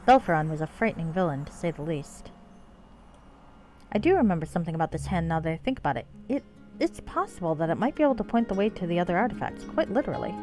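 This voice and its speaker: A woman voicing a calm, measured guide and healer from a fantasy game, explaining things in a composed way. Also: lowish voice, soft background music. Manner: composed, explanatory, reads game dialogue aloud. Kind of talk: reading game dialogue on a live stream.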